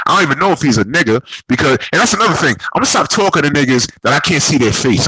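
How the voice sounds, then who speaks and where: A man's voice: on the high side, very animated, quick pace, bright, forceful tone, slightly rough, no room sound, poor audio. A man giving an angry, profane, heated vlog rant. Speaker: boxing vlogger.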